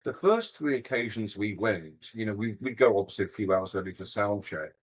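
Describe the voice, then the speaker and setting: Older man telling stories, low and hesitant. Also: lively intonation, fairly quick, slightly rough, rough recording. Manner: thoughtful, hesitant, self-deprecating. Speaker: interview guest, musician. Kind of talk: casual interview storytelling.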